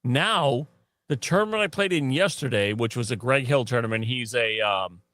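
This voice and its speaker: A man co-hosting a podcast in easy, casual chat, at a middle pitch. He tells stories with animation, laughs often and slips into other people's voices. The sound is dry and close, like a home studio mic. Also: animated, moderate pace, a bit bright, dry recording. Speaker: podcast co-host.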